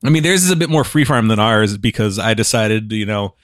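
A man's voice: fairly low pitch, animated, brisk, dry recording, studio quality. A man hosting his podcast in casual chat, rambling with many restarts, his voice a bit muffled as he chews food. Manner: rambling, restarts a lot, chuckles. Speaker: podcast host.

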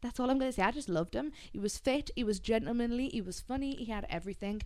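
A bubbly woman chats as a podcast co-host, laughing often and swearing freely. Her voice sits on the high side and sounds dry and close. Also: fast talker, warm tone, no echo. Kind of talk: casual chat.

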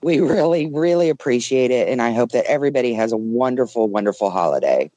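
A man's voice: mid-range voice, expressive, quick pace, noisy background. A man co-hosting a comedy podcast, exasperated and blunt, with crude asides. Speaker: podcast co-host.

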